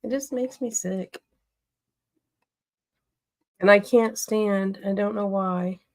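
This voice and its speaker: A woman's voice: mid-range voice, slow pace. A woman co-hosting a family livestream, chatting casually and laughing often. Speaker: livestream co-host.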